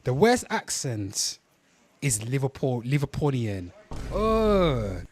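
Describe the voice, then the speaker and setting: A man hosts a live stream, reacting with a lively, swinging voice at a medium pitch. He is mock-dramatic and keeps calling out to his viewers, with faint noise under the recording. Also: measured pace. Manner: animated, mock-dramatic, addresses viewers as "people". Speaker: livestream host.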